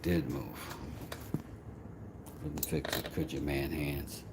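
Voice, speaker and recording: A man with a very deep, gravelly voice speaks slowly in a sing-song way as he does woodwork on a live stream. He's jokey and talks to himself while working, with noisy ambience behind him.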